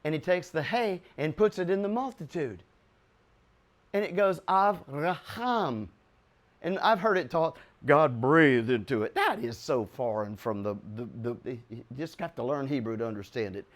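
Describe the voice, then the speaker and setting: An older American man teaching the Bible in an excitable, chuckling way, with sudden loud bursts for emphasis. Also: medium pitch, moderate pace, hardly any pauses.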